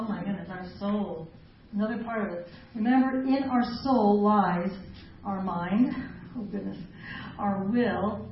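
A middle-aged woman gives a chatty, self-mocking talk to a women's group and laughs often as she goes. Her voice comes from a distance in a very echoey hall. The sound is dull and lo-fi, with a faint hiss behind it. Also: medium pitch. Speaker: women's ministry speaker.

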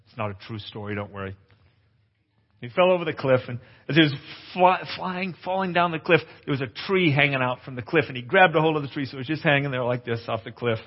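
A man's voice: mid-range voice, quick pace. A man in his forties preaching a testimonial sermon at a conference, earnest and confessional, with playful asides to the crowd. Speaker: pastor. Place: conference hall. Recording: echoey hall, slightly dull.

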